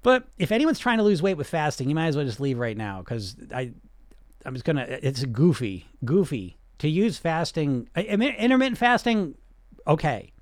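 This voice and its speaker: A middle-aged man coaching on weight loss and answering questions, blunt and animated, firing off rhetorical questions. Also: on the high side, moderate pace, no echo, studio quality.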